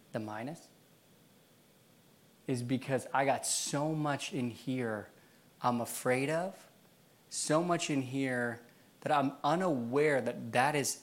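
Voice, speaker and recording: A man preaching a sermon in a church, telling a personal story in a casual way, with many fillers and frequent laughs. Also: medium pitch. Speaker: pastor.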